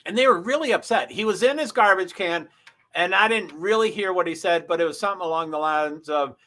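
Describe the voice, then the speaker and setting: A man hosting a casual livestream, rambling through race positions with frequent throat clearing and self-interruptions. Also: high voice, fairly quick, pushed and bright. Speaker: livestream host. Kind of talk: casual live race commentary.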